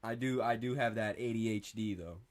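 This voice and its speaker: "Bro" comes up constantly as a young northern Indiana streamer rambles excitably on a casual livestream, swearing a lot while reading viewer comments. His voice is lowish and a little fast.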